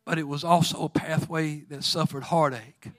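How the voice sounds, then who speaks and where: Male preacher, slightly high voice; fervent sermon delivery, quiet retellings building to loud exhortation. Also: fairly even intonation, moderate pace.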